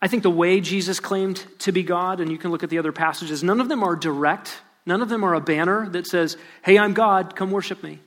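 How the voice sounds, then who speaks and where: A man preaching a sermon, reading scripture aloud and acting out sarcastic quotes with animated emphasis. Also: sits high, fairly quick, hardly any pauses. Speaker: pastor.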